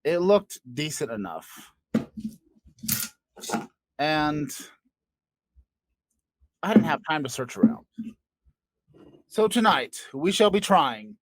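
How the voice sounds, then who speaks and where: A man co-hosting a comedy podcast, his pitch sitting a little high and swinging widely as he spins absurd made-up tales. The sound is dry and close, with no room around it. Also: very animated, slow pace, long pauses, dry recording. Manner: spins absurd made-up stories with playful voices. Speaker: podcast co-host.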